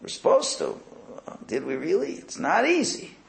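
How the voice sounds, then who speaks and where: Guy teaching talmud class, kinda high gravelly voice, echoey room, restarts a lot, terms. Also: huge pitch swings, normal speed, a little hiss or hum. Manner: conversational, repeats and restarts, mixes Hebrew and Aramaic terms.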